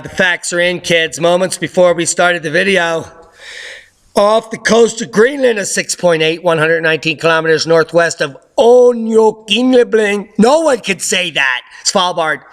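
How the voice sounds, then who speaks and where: A man hosting a news update, giving casual commentary over clips in an excitable, sarcastic way with sudden loud outbursts. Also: on the high side. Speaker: host of a news update channel.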